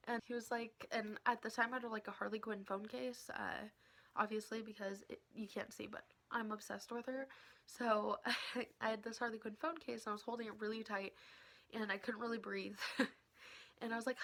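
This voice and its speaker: Young woman vlogging a storytime, giggly, keeps going whispery, bright edgy voice with lots of fry. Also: on the high side, normal speed. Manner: excited, giggly, drops to a whisper often. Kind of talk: casual storytime.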